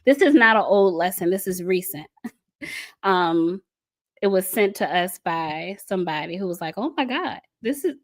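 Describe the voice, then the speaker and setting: A woman's voice: on the low side, moderate pace. A woman hosting a casual commentary show, talking in an impassioned, scornful way and laughing often. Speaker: podcast host.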